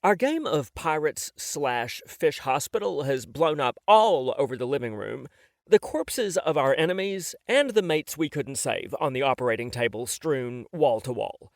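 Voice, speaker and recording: A man's voice: mid-range voice, big pitch swings, a little slow, vocal fry, dry recording. A man narrating a novel in the first person, wry and self-mocking, on a close studio mic. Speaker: audiobook narrator.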